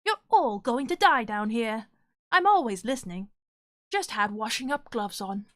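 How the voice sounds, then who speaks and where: A woman's voice: a little high, sing-song, normal speed, a bit bright, no echo, studio quality. A woman streamer playfully trying to voice a creepy, menacing villain girl.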